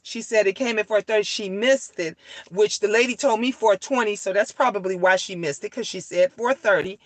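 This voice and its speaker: A woman in her thirties telling a family story as a profane, animated rant, repeating lines for emphasis. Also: medium pitch, a little fast, dry recording.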